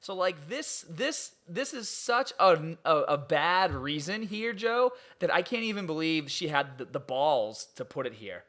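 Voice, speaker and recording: A young man hosting a podcast, talking in an animated, incredulous way and laughing often. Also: on the high side, unhurried, few pauses. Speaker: podcast host. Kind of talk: casual podcast chat.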